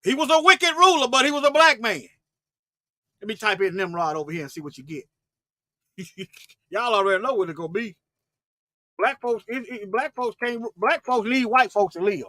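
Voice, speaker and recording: Man, very high voice, fervent livestream preaching, loud bursts and muttered asides, repeats himself, dry close sound. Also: animated, moderate pace, long pauses, no echo. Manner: repeats words and restarts often. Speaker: self-styled Bible teacher on a livestream.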